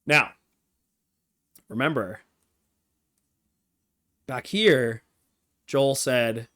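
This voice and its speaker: A man streaming live, recapping and analyzing a TV episode with excitable, emotional fan reactions and rambling asides. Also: medium pitch, extremely slow, long pauses.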